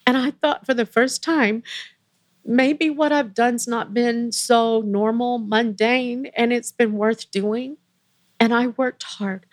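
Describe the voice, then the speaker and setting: An older woman, a guest in an interview, telling a personal story with deep emotion and quoting others as she goes. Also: takes it slowly, dry recording. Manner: earnest, emotional, quotes others in lively voices.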